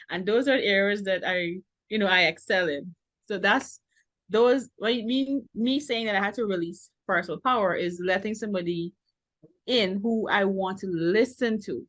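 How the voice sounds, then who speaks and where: A woman answering interview questions in a frank, animated way, leaning hard on key words and now and then breaking into a laugh. Her voice sits at an ordinary middle pitch. The recording is close and dry, with almost no room sound. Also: dry recording. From Guyana. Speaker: business owner, interview guest. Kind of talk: earnest conversational interview answers.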